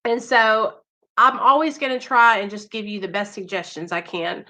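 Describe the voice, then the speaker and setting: A woman's voice: a little high, normal speed, bright, forceful tone, low-quality recording. A woman chatting casually on a livestream, reading out viewer names and talking earnestly and emphatically. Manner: talks straight to viewers, reads chat names, earnest and emphatic. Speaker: livestream host.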